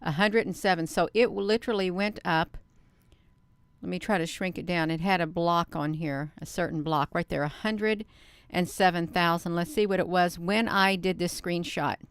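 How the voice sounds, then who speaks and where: A woman's voice: lowish voice, fairly bright tone, clean tone, no room sound. A middle-aged woman hosting a casual live stream, chatty and laughing often, with plenty of ums, who keeps saying "you all.". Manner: says "you all" instead of "y'all". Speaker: channel host.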